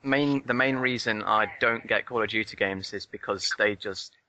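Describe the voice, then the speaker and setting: A man's voice: fairly low pitch, normal speed, bright, forceful tone, lo-fi sound. A man chatting casually on a podcast, laid-back and a little hesitant. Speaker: forum moderator, podcast guest. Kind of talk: casual chat.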